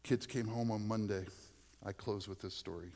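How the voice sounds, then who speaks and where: A man's voice: lowish voice, fairly even intonation, normal speed, a little mellow. A male pastor preaching a conversational sermon full of personal stories, often dropping to a near-whisper for emphasis.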